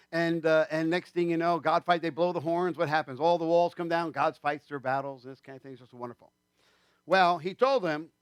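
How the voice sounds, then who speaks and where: A male pastor gives a loose, conversational sermon, full of fillers and side remarks. His voice sits fairly high for a man. The sound is close and dry, with little room echo. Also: fairly bright tone, clear, resonant tone. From New York State. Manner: conversational and rambling, with many fillers and asides. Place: church.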